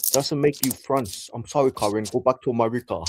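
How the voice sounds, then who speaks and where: A man voicing a French fast-food worker who patiently lectures a customer in a mock-polite way. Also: mid-range voice, background noise, natural voice.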